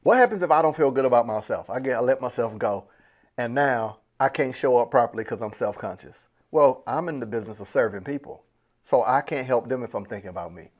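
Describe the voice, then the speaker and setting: A man hosting a business podcast in a casual, slangy, animated way, laughing often and acting out little asides. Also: mid-range voice, fairly quick. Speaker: podcast host. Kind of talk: casual motivational podcast talk.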